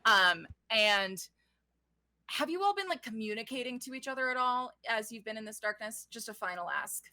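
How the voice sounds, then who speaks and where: A woman's voice: on the high side, expressive, moderate pace, bright, forceful tone, no room sound. A woman narrating a tabletop game as game master, descriptive, with frequent fillers and self-corrections.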